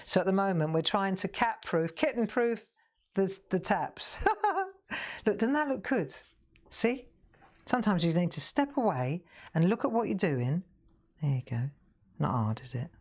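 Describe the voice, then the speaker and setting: A woman's voice: lowish voice, lively intonation, normal speed, darkish tone. A middle-aged woman, chatting casually and laughing often while demonstrating crafts on a live stream.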